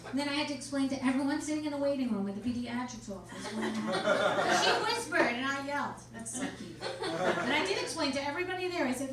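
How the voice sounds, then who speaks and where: A middle-aged woman does a stand-up comedy set, her higher voice moving between deadpan punchlines and sudden shouts. She is recorded from far off in a small, echoey club. Loud background noise runs underneath her. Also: fairly quick. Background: small crowd laughing.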